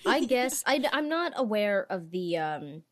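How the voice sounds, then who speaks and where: A young woman co-hosting a chatty podcast, opinionated and dry. Her pitch sits at an ordinary middle height, and her sarcasm comes through in quick asides and playful put-on voices. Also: sing-song. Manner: sarcastic, opinionated, mock accents. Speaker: podcast co-host. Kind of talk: casual chat.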